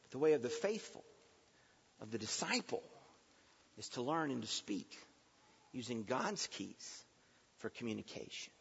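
A man delivers a sermon from a church pulpit. His bright, fairly high voice climbs to forceful emphatic peaks and then sinks low. The sound is muffled and rings with long hall reverb. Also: big pitch swings, unhurried, creaky, long pauses, breathy edge. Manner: rising to emphatic near-shouts, then dropping low. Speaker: preacher. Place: church sanctuary. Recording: dull recording in a long-echo church hall.

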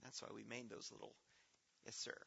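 Speaking a little fast in a pushed, bright voice, a man runs a children's Bible program in a church hall, quizzing the kids and praising their answers. The audio is dull and lo-fi, echoing through a reverberant hall.

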